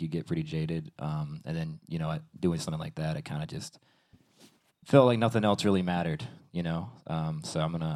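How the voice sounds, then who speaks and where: A man talking casually on a fan panel about music, halting and filling his speech with "like" and "kinda". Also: low voice, a little mellow. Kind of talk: casual reflective talk.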